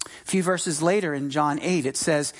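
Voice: mid-range voice, moderate pace. A middle-aged pastor from the United States giving a sermon in a conversational, emphatic way, repeating key phrases. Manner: conversational, with frequent fillers and restarts.

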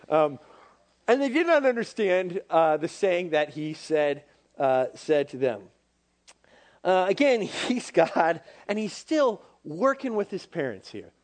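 A young man preaching to a youth group, casual and animated, acting out bits of dialogue with many fillers. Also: high-pitched, takes it slowly. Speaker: youth pastor. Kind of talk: sermon to young people.

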